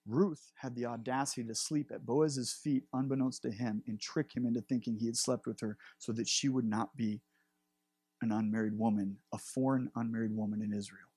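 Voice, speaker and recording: A man's voice: mid-range voice, fairly even intonation, fairly quick, dark tone, breathy edge, dry recording. A man preaching a sermon as pastor, earnest and building his emphasis.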